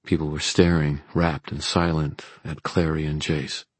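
A man narrating an audiobook with steady storytelling. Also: very deep voice, measured pace, breathy edge, no echo.

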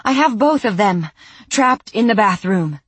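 A woman voicing a shrill, frantic scold. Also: sing-song, slow pace, fairly bright tone, breathy edge, no echo, exaggerated voice.

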